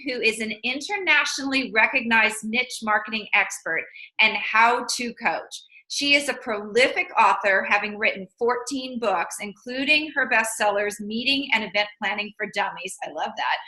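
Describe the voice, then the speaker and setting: An American woman hosts an interview with gushing enthusiasm, her voice pitched on the high side. Her tone is bright and forceful. She is recorded in a roomy, echoing space. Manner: effusive, enthusiastic. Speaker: vlog host. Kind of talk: conversational interview.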